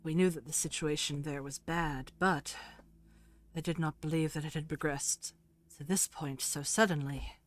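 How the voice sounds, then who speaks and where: A woman's voice: deep voice, steady tone, normal speed, lightly acted. Woman voicing a grave older official. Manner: formal, grave.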